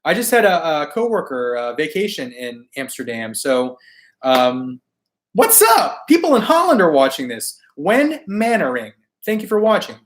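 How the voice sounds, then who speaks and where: Hoarse man chatting on a live stream. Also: on the high side, big pitch swings, moderate pace. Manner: laid-back, chatty, slangy, often laughing. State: hoarse, losing his voice. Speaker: toy collecting live stream host. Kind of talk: casual live stream chat reading viewer comments.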